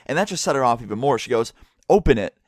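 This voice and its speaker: A man's voice: mid-range voice, animated, rapid-fire. A young man races through a casual storytime, swearing freely and sounding exasperated. His voice is dry and close, with no room echo. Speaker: vlogger. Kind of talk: storytime vlog.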